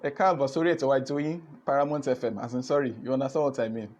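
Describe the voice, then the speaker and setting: A man with a Nigerian accent hosts a live online business session, talking in an animated way and repeating his words. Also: mid-range voice, rapid-fire. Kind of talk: lively live-stream talk.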